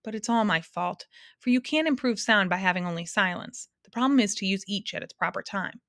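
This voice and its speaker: A gentle, sorrowful keeper of sounds, as a woman reads her, soft-spoken and sighing. Her pitch sits in an ordinary middle range, and the recording is dry and close. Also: expressive, brisk, dry recording. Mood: wistful.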